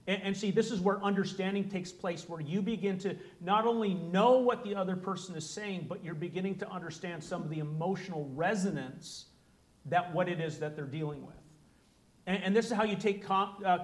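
High-voiced man explaining to an audience. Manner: earnest, explanatory, acts out short dialogues. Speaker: presenter. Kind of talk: talk to a live audience. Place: room with an audience.

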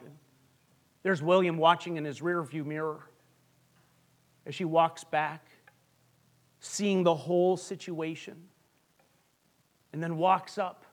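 A man preaching a sermon, telling a long joke story with dramatic pauses that drop to a hush. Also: on the high side. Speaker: pastor.

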